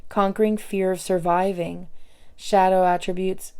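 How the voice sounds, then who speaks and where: A young woman giving a pick-a-card tarot reading, emotional and thinking aloud with many pauses and fillers. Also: lowish voice, little pitch movement, dark tone, clean tone.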